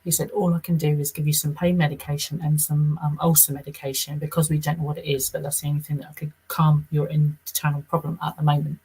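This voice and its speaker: Low gravelly husky-voiced woman. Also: little pitch movement, quick pace, few pauses, warm tone, rough recording. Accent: English. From southern England. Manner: rambling storyteller, acts out quoted speech. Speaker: interview guest. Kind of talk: personal testimony in an interview.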